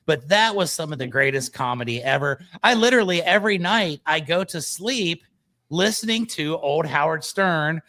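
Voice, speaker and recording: A man's voice: fairly high pitch, expressive, brisk, sharp tone, no room sound, clean studio sound. A man from Columbus, Ohio, hosting a podcast in enthusiastic, chummy casual talk. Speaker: podcast host.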